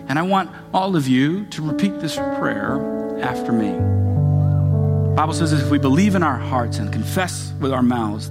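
A man preaching a sermon as a pastor, earnest and repetitive, building emphasis as he speaks. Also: mid-range voice. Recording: music playing behind the voice. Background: soft guitar music.

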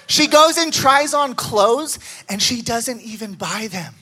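Bright, high-voiced animated male pastor. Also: moderate pace, few pauses, slightly rough. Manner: animated storytelling with excited pitch jumps. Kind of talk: sermon.

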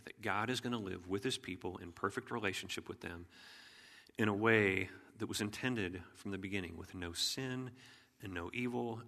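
A man preaching a sermon as pastor in an earnest, measured way, often clearing his throat. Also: on the low side, pushed and bright. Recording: long hall reverb.

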